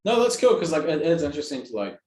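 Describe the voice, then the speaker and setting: A man's voice: on the high side, big pitch swings, quick pace, a little mellow, roomy sound. A man with a New Zealand accent, co-hosting a casual comedy podcast and telling rambling, profane, mocking stories.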